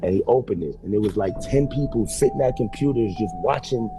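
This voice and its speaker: Casting: man, casual storyteller, animated, music clearly under the voice. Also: lowish voice, a little fast. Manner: animated storyteller, laughs often, mimics others.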